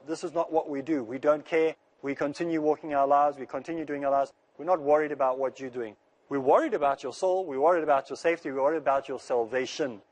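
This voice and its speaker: Speaking quickly, this male Islamic lecturer has a fairly high, slightly mellow voice. He sounds earnest and comforting as he delivers religious teaching, piling up repeated phrases to hammer in every point.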